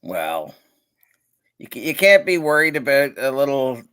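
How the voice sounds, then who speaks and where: A man talks loosely on a video call, rambling through his points with plenty of filler words and frequent chuckles. His middle-pitched voice rises and falls a lot as he goes. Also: big pitch swings, measured pace, fairly bright tone, clean tone. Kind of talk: casual chat.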